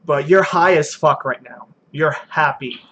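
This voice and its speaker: A man's voice: on the high side, measured pace, fairly bright tone, dull audio. A man narrating a tabletop game as game master, loose and chatty, with filler words.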